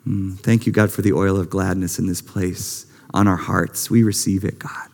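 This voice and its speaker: A middle-aged man preaching a sermon as pastor, impassioned, moving between hushed and lifted delivery. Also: low-pitched, fairly even intonation, normal speed, gravelly. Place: church sanctuary. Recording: long reverb of a large hall.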